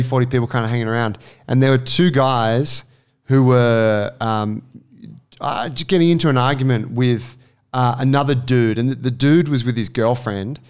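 Smooth-voiced man telling a story. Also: medium pitch. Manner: animated storyteller, acts out quotes. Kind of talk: casual storytelling.

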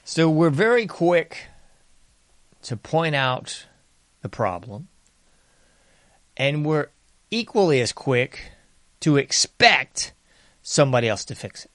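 A man hosting a commentary show, talking in a sarcastic monologue that mocks bystanders and swings from loud to hushed. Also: fairly high pitch, sing-song, takes it slowly, pauses often, dry recording. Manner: sarcastic, mocking mimicry of bystanders; varies loudness a lot, sometimes dropping to whispers. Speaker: political commentary host.

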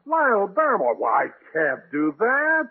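A man's voice: high-pitched, wildly swooping pitch, normal speed, breathy edge. A man, a radio show announcer in a 1940s comedy, speaking in a stubborn, pompous way. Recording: tinny 1940s radio broadcast.

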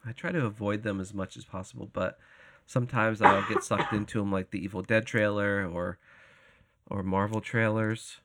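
Low-voiced laid-back male co-host. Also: fairly even intonation, normal speed, fairly bright tone. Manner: laid-back, short agreeing replies. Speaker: podcast co-host. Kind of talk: casual chat.

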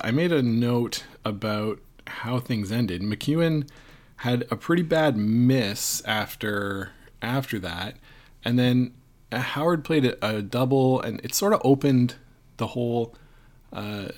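A man's voice: medium pitch, animated, unhurried. A man co-hosting a curling show, breaking down a game in a rambling, thinking-aloud way. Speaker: co-host and curling analyst. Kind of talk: casual sports analysis.

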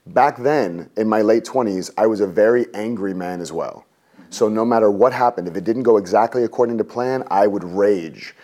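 Animated man telling a personal story. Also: moderate pace. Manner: lively, acts out quotes with raised pitch. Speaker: interview guest.

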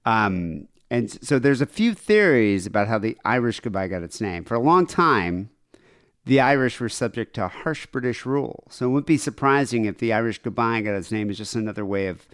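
A man co-hosting a podcast, talking in a relaxed casual chat and explaining things from notes. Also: medium pitch, fairly quick. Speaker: podcast co-host.

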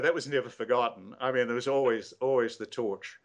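A man's voice: mid-range voice, steady tone, brisk, highs cut off. An older man, a guest telling anecdotes in a rambling, hesitant way with many fillers and restarts. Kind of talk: casual storytelling interview.

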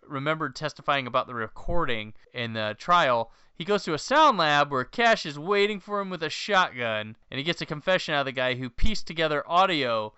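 A man hosting a podcast, recapping a movie plot in a casual, animated way with laughing asides. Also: fairly high pitch, a little fast, few pauses, clear, resonant tone, dry recording, lo-fi sound. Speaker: podcast host.

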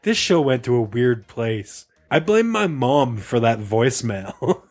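Male comedy podcast host, playful and laughing, pitch rising and falling a lot, faint music under. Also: very animated, darkish tone. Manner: laughing, playful, rapid asides. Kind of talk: casual comedic chat.

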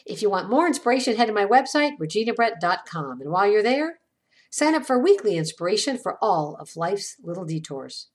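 Brief: woman podcast host, reflective scripted essay, lively pitch movement, measured delivery. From small town. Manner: measured, reflective reading with dropping phrase ends.

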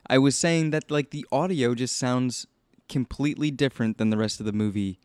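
A man co-hosts a casual podcast, talking loosely and trailing off mid-thought. His voice sits at an ordinary middle pitch. The recording is dry and close. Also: brisk, darkish tone, clean tone, no room sound. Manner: loose, chatty, often trails off. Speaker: podcast co-host.

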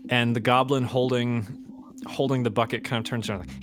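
A man's voice: medium pitch, steady tone, fairly quick. A man narrating a tabletop game as game master, rambling with many fillers and laughs.

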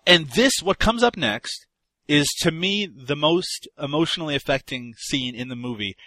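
A man co-hosting a casual film review podcast, talking in loose, rambling bursts and laughing often. His voice is bright and forward. The sound is close and dry. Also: on the high side, animated, normal speed, no room sound.

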